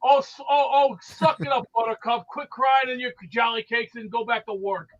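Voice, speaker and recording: A man calling in to a sports show, talking in gruff, mock-annoyed bluster about being busy working. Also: very high voice, normal speed, a bit bright, lo-fi sound. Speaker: regular caller. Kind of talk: joking banter on a video call.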